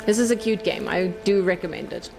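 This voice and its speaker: A woman's voice: medium pitch, a little fast, music in the background. A woman streaming a game, chatting away casually, playful, laughing often and swearing freely. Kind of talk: casual live-stream chat while playing.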